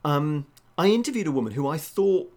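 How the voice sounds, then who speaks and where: A man's voice: a little high, animated, brisk, a little mellow. A man, a journalist and podcast host, telling a story in casual chat and acting out the people he quotes. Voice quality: talks with many fillers and restarts, acting out quoted voices.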